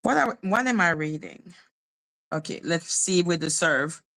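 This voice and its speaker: A woman's voice: fairly low pitch, expressive, measured pace, gravelly, a bit bright. A woman hosting a casual livestream, reading court documents aloud and bantering with her chat. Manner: chatty, muttering while reading, bantering with chat. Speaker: livestream host.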